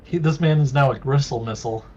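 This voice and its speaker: A man's voice: mid-range voice, quick pace, dark tone, dull audio. A man playing a tabletop game, casual, groaning at mishaps and checking rules aloud. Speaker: player.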